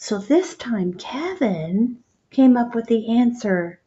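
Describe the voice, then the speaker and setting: A woman reading a children's picture book aloud, expressive and stopping to ask the children questions. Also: fairly high pitch, slow pace, highs cut off.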